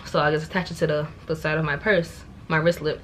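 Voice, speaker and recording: Animated young New woman telling a story. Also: sits low, quick pace, slight background noise. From New York. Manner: animated, exasperated, repeats words for emphasis. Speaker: vlogger. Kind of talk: casual storytime.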